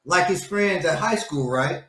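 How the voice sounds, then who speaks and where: Man, 40s, co-host, bright tense voice, echoey room; animated storyteller. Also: a little high, a little slow. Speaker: podcast co-host. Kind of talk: casual panel chat.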